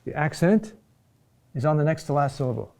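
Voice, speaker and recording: A man teaching a class on chant, slow and halting, often repeating key words and checking in with "huh?". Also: fairly high pitch, animated, warm tone. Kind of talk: classroom lecture.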